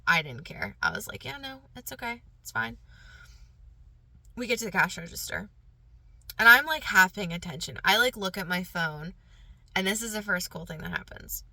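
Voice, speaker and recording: Bright earnest woman podcaster. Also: medium pitch, expressive, brisk, no echo. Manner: earnest, emotional, heartfelt. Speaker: podcast host and coach. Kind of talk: casual storytelling and spoken affirmations.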